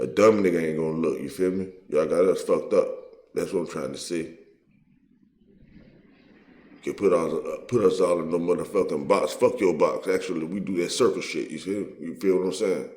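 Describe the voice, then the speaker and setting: A man's voice: sits low, warm tone, echoey room. A man hosting his own video, giving a heated, profane commentary full of street slang. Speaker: online video host.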